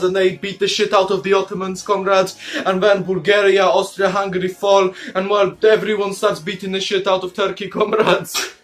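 Taking on a comic commander persona, a high-pitched man hosts a comedic history video. Crude and jokey, he swears, addresses viewers as "comrades" in nearly every line and breaks into bursts of laughter and silly asides.

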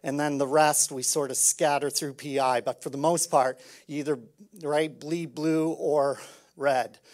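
A man preaching a sermon as pastor, conversational and lively, swinging from loud emphasis to quiet intensity. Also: fairly high pitch, a little slow.

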